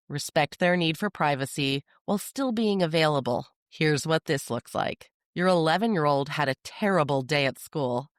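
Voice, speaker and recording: Calm, measured parenting podcast host. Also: medium pitch, dry recording, clean studio sound. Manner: calm, measured, steady delivery. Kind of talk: scripted parenting explainer.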